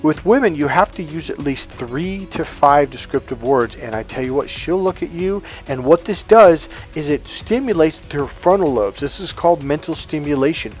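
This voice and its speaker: A man's voice: on the high side, moderate pace, few pauses, soft background music. A man in his fifties giving dating advice straight to camera, bluntly and casually swearing, acting out bits of dialogue as he goes. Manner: animated, acts out quoted dialogue. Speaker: dating coach. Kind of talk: direct-to-camera coaching monologue.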